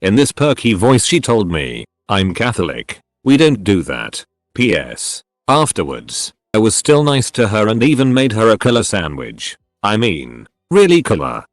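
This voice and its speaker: A man narrating a series of anonymous stories in a steady, matter-of-fact scripted reading. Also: fairly low pitch, normal speed, few pauses, no room sound, clean studio sound.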